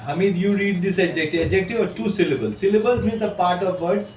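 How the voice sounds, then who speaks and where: A man's voice: high-pitched, racing, a little mellow. A male teacher gives a classroom lesson, explaining patiently and correcting his students. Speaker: English teacher. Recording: echoey room from far off, faint noise.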